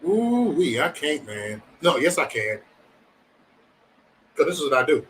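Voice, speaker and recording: A man's voice: fairly high pitch, unhurried, distant mic, slight background noise, poor audio. A man hosting a casual livestream, chatting loosely and profanely with his viewers. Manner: loose, profane, animated banter with chat. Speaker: livestream host.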